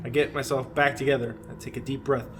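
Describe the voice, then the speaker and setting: A man's voice: mid-range voice, little pitch movement, fast, over loud music. A young man co-hosting a podcast, reading a horror story aloud with hammy emphasis and bursts of laughter. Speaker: podcast co-host.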